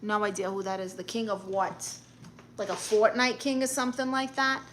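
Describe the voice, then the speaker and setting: A woman's voice: mid-range voice, flat delivery, normal speed, a bit bright, slight background noise. A woman hosting a casual live stream, reading viewer comments aloud and answering with blunt, sassy comebacks. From Puerto Rican and Guatemalan family.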